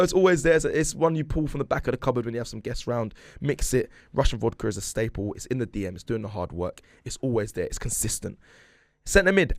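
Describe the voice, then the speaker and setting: A man hosting a radio show from a studio, joking and playful with animated emphasis. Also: medium pitch, no echo. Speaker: radio host. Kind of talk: casual studio chat.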